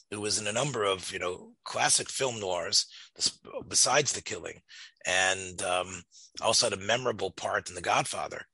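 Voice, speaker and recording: Man, casual film chat, rambling, restarts, bright tone, husky. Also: fairly low pitch, no echo. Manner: rambling, many restarts and fillers.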